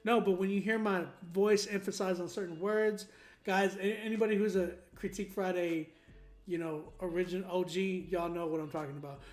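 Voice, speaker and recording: A young man hosting a song critique stream, talking in an animated, emphatic way with many fillers. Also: sits high, normal speed. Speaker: host giving song critiques. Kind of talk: livestream critique chat.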